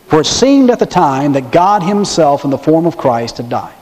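A pastor preaching a sermon, telling the story dramatically and slowing down and pausing to stress points. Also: male voice, on the high side, darkish tone. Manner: dramatic storytelling, pauses and slows for emphasis. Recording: long hall reverb.

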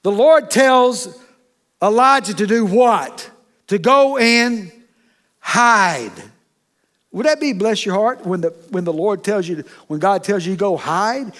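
A man preaching a sermon in a chatty, animated way, often checking in with the congregation. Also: sits high, takes it slowly. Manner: animated, chatty, keeps asking the congregation "okay?".

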